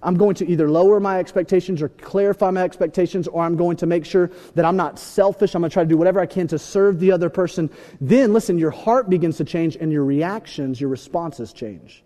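A young man preaching a sermon, telling stories with animated shouts and asides. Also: high-pitched, fairly quick. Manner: animated storytelling, acts out scenes with shouts. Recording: long hall reverb.

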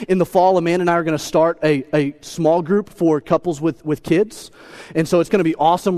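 A man in his thirties preaching a sermon, telling a story in an animated, self-deprecating way and often repeating his words. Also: on the high side. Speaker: pastor.

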